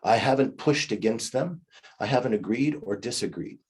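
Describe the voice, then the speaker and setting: Husky-voiced man in his fifties teaching. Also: mid-range voice, expressive, moderate pace, a little mellow. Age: 50s. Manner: conversational teaching, acts out quoted replies. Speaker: leadership coach. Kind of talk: recorded class lecture.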